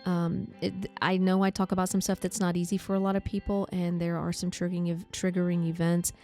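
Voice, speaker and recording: A podcast host telling her own story, candid and halting, with many pauses and fillers. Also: lowish voice, flat delivery, mellow, soft background music. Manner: candid, halting, reflective, says like often. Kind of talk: personal storytelling.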